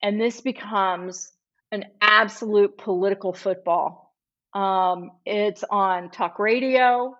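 Woman trial lawyer telling a vivid story, slow and dull audio. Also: mid-range voice, a bit bright. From Los Angeles-based. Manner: vivid retelling, acts out quoted speech. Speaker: trial lawyer, podcast guest. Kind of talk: storytelling in conversation.

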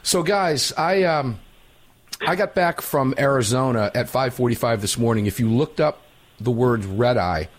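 A man's voice: mid-range voice, a little slow. A man hosting a talk radio show, brash and joking, tired after an overnight flight. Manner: brash, joking, repeats himself.

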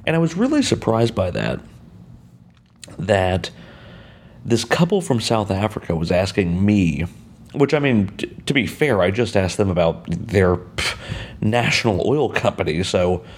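Deep-voiced rambling American man. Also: lively intonation, unhurried. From United States. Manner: rambling, frequent fillers and restarts. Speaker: podcast host. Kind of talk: casual solo monologue. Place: outdoor balcony.

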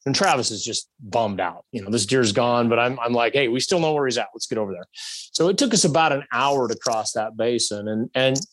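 Guy telling a hunting story, gets animated, acts out the shots, dry mic. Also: mid-range voice, a little fast, no echo. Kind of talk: casual storytelling.

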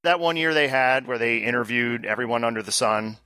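A man co-hosting a casual podcast over a call, chatty and animated, quick to laugh and ramble. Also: medium pitch, clean tone, no echo. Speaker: podcast co-host. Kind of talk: casual chat. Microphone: remote call.

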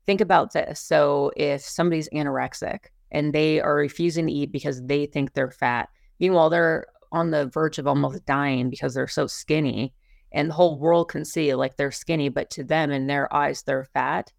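A woman's voice: sits low, fairly even intonation, normal speed, creaky, dry recording, studio quality. A young adult woman co-hosting a podcast, talking in a heated, rambling way with many fillers and restarts. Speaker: podcast co-host. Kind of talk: casual opinion talk.

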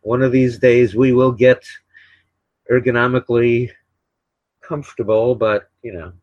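An older man hosting his own radio show, talking in a rambling, opinionated way, often repeating words and filling pauses with uh and um. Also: medium pitch, fairly even intonation, darkish tone, dry recording. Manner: opinionated, sarcastic. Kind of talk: casual solo talk radio monologue. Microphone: desk microphone beside a laptop. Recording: dull, slightly lo-fi dry recording.

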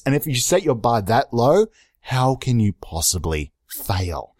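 A young man hosting a solo comedy podcast, rambling and self-mocking with frequent restarts and sudden excited jumps in pitch. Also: normal speed, dry recording, studio quality. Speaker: podcast host.

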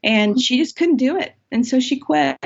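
A woman's voice: high-pitched, expressive, moderate pace, husky. A middle-aged woman who is an author, talking earnestly and with passion as a guest in a faith-based podcast conversation. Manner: earnest, impassioned, emphatic. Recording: dull lo-fi sound.

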